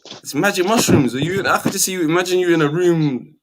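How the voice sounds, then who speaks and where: A man's voice: sits high, fairly quick. A man hosting an open mic chat, teasing speakers with joking banter and inviting people to speak. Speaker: host. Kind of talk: casual chat.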